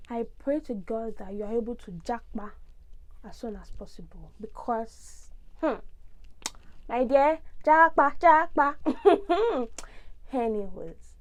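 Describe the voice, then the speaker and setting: A young woman from Nigeria with a Nigerian accent, talking expressively in a casual vlog monologue. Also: on the high side. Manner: expressive, ranting, big swings in tone. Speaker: vlogger.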